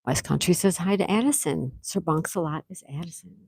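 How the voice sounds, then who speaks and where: A woman hosting a live stream, reading chat comments and excitedly thanking viewers, with frequent gasps. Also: lowish voice, fairly quick, creaky, breathy edge, no room sound, clean studio sound. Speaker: livestream host.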